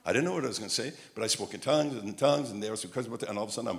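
An older male preacher from Montreal, telling humorous stories in his sermon and rising to loud, emphatic peaks. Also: medium pitch, expressive, racing. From Montreal, Canada.

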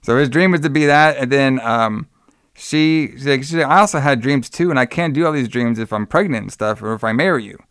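A man's voice: mid-range voice, brisk, a bit bright, clear, resonant tone, dry recording, clean studio sound. A man co-hosting a casual podcast, retelling a horror film in a loose, rambling way, swearing freely and acting out the characters' lines. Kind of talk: casual chat.

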